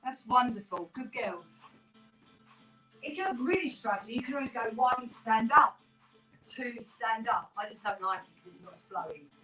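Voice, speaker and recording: A woman's voice: a little high, lively intonation, a little slow, pushed and bright. A woman coaching a home workout class, chatty and encouraging, slightly out of breath as she counts reps alongside her viewers. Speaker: fitness instructor. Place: small room in a terraced house. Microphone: no microphone, camera mic from across the room. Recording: roomy, distant, with workout music. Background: faint workout music.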